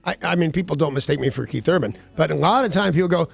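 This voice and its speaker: A man's voice: on the high side, very fast, creaky, breathy edge, soft background music. A man co-hosting a morning radio show, trading sardonic wisecracks in casual banter.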